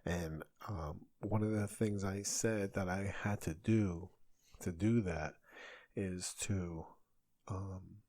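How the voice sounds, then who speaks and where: A man in his thirties with a somewhat low voice talks alone on his podcast. As a comedian and host, he rambles casually, breaking off and restarting his sentences. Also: steady tone, slow, warm tone. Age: 30s. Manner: rambling, self-interrupting, conversational. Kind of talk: solo podcast monologue.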